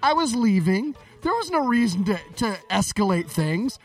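A man co-hosting a comedy podcast, telling an anecdote in an animated, ranting way during casual banter. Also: sits high, normal speed, hardly any pauses, faint music behind. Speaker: podcast co-host.

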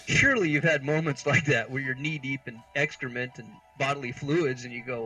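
A man's voice: medium pitch, fairly quick, hardly any pauses, bright, forceful tone, faint music behind, low-quality recording. A man in his thirties from the United States, a podcast co-host telling rambling, exasperated, self-mocking comic stories. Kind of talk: casual comedic storytelling.

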